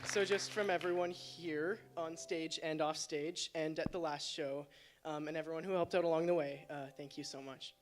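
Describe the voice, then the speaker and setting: A man giving a sincere thank-you on a theatre stage, halting with fillers as he speaks. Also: a little high, steady tone, heavy background noise. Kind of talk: live onstage tribute speech. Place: theatre stage before a live audience. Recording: live stage sound with music and a loud crowd.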